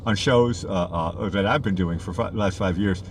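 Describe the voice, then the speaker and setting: A man's voice: deep voice, moderate pace, a little hiss or hum. A man co-hosting a casual live stream from a beach jetty, joking and giggling easily. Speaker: livestream co-host.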